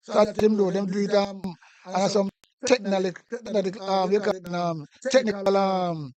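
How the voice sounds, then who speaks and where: A man's voice: sits high, little pitch movement, normal speed, darkish tone. A man with a Jamaican accent giving heated, repetitive political commentary in casual patois-laced talk.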